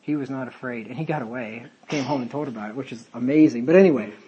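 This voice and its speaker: A man's voice: mid-range voice, quick pace, dark tone, husky, dull audio. A man leading a casual Bible study, talking in a rambling, conversational way with many fillers and tangents. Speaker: Bible teacher.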